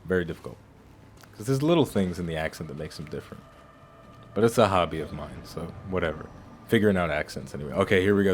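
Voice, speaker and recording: A man's voice: sits low, expressive, quick pace, a little hiss or hum. A man hosting a video game playthrough, chatting casually and rambling, often restarting his phrases. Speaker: gaming channel host. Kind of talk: casual let's-play commentary.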